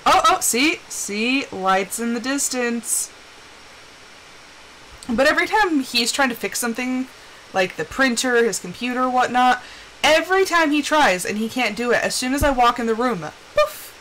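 A young woman chatting casually while playing a game on a live stream, telling animated stories and putting on quick quoted voices. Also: high-pitched, slight background noise, rough recording.

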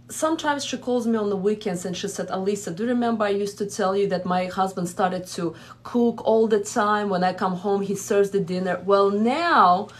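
Woman giving earnest relationship advice. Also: mid-range voice. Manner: earnest, advising, with quoted asides. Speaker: relationship coach, host. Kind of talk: live Q&A advice talk.

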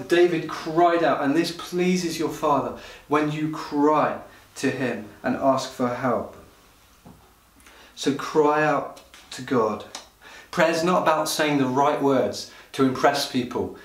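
A man preaching a livestreamed church sermon with impassioned delivery, at times rising into loud pleading cries. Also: medium pitch. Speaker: pastor. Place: church hall. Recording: roomy hall sound from a distant mic.

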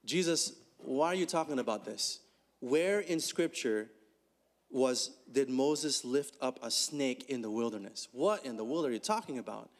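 A man preaching a conversational sermon, asking rhetorical questions and swinging his pitch up and down as he talks. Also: normal speed. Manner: animated, rhetorical questions, swings between high and low pitch. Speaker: pastor.

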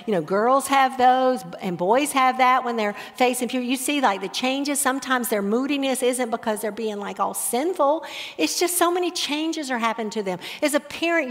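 A middle-aged woman teaching a Bible study on parenting, talking in a conversational, animated way. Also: fairly high pitch. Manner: conversational, animated, with laughs and acted-out examples. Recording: echoey hall with long reverb.

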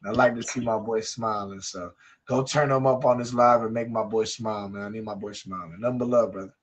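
A man's voice: on the low side, steady tone, fairly quick. A man hosting a live stream, talking casually and supportively to his guest, often tagging lines with bro and man. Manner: warm, encouraging, says bro and man a lot.

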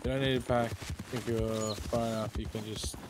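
A man's voice: fairly low pitch, little pitch movement, moderate pace, noisy background. A man streaming a video game, chatting casually, reacting and thanking followers. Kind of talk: casual chat while gaming. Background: game music and horse hooves.

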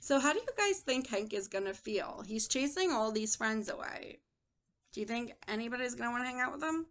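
A woman's voice: a little high, expressive, a little fast, a bit bright. A woman teacher giving a lesson and reading a storybook aloud, asking the children questions and calling them friends.

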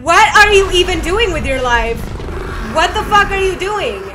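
A young woman commentating a video game she is playing, excitable, swearing freely and shouting at the screen. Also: very high-pitched, moderate pace. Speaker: gaming video host. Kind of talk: let's play commentary. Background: game music and sound.

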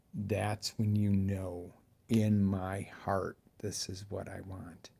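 A man, a fitness coach, giving an animated motivational talk, jumping from loud outbursts to hushed asides. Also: deep voice, gravelly, breathy edge.

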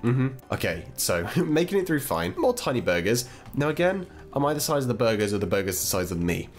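A man's voice: medium pitch, big pitch swings, brisk. An English man hosting a gaming channel, chatting playfully and babbling to viewers as he plays through a game. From England. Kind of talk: let's-play game commentary.

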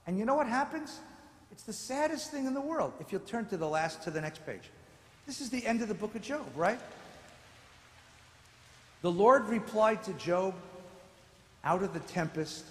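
A man's voice: high voice, expressive, moderate pace. A man, a rabbi, giving a theatrical lecture in a large synagogue sanctuary, acting out voices and joking with the audience. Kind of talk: lively sermon-style lecture. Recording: echoey hall with long reverb.

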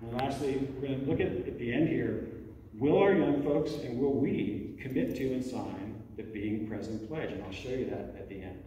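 Low, mellow man in an echoey church hall. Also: moderate pace. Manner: conversational, checks in with "okay?" often. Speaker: youth ministry director giving a parent talk. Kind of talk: church presentation to parents. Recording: echoey hall recorded from far off.

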